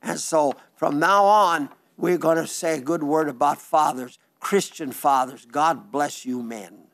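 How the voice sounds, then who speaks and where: An older man preaching a sermon in a studio, earnest and folksy, slowing down on emphatic phrases. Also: a little high, fairly bright tone. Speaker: radio/TV preacher reading listener letters.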